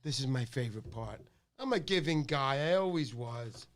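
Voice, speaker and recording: A man's voice: medium pitch, lively intonation, normal speed. A middle-aged man hosting a fishing channel livestream, chatting casually and joking with viewers.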